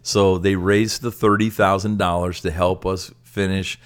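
An older man co-hosting a casual ministry podcast. He tells stories with animated energy and often stammers into restarts. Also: sits low, a little slow, clean tone. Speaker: ministry director and co-host.

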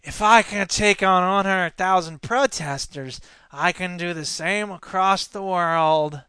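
A man's voice: high-pitched, slow pace, bright, forceful tone, smooth, no room sound, heavily acted. A man putting on a whiny, sniveling impression of a male politician.

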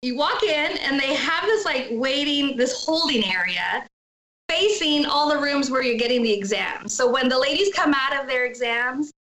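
A woman's voice: high-pitched, animated, moderate pace, pushed and bright, low-quality recording. A middle-aged woman candidly telling a personal story as an interview guest, acting out what others said in emotional retellings. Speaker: guest sharing her story.

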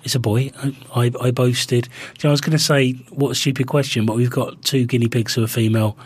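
A man's voice: medium pitch, flat delivery, fast, husky, dry recording. A man co-hosting a casual chat podcast, telling rambling stories with lots of restarts. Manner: rambling, chatty storytelling with many restarts. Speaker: podcast co-host.

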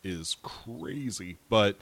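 A man's voice: low voice, animated, very slow, fairly bright tone. A man hosting a podcast, chatting casually about films in a rambling, self-deprecating way. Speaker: podcast host.

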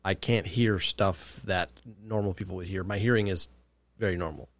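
Low-voiced, wry podcast co-host man. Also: fairly even intonation, normal speed. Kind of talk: casual chat.

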